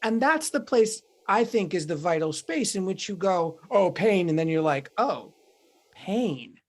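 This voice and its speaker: A woman's voice: lowish voice, expressive, normal speed. Woman, podcast chat, meandering, reflective, acts out inner voices. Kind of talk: casual podcast conversation.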